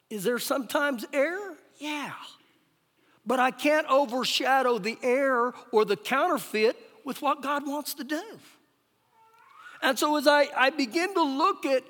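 High-voiced pastor preaching in a hall. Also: male voice. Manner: emphatic preaching, rises loud then drops soft. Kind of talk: sermon. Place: church sanctuary. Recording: live church recording with long hall reverb.

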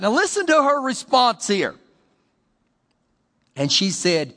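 A man's voice: extremely high pitch, takes it slowly, long pauses, in a large hall. A male pastor preaching a sermon, acting out the voices of the people in his stories. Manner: animated preaching, acts out the voices in stories and scripture.

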